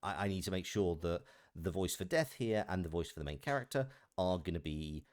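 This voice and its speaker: A man's voice: low-pitched, expressive, brisk, darkish tone, no room sound, clean studio sound. A man with a Merseyside accent chatting on a live stream as a voice actor, explaining his thinking in a thoughtful way. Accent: Merseyside English. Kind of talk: casual chat on a live stream.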